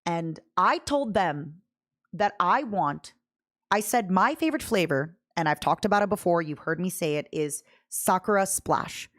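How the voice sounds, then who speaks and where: A woman's voice: lowish voice, lively intonation, measured pace, a bit bright. Bubbly young woman streamer chatting. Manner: bubbly, talks to chat, jumps from topic to topic. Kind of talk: casual livestream chat.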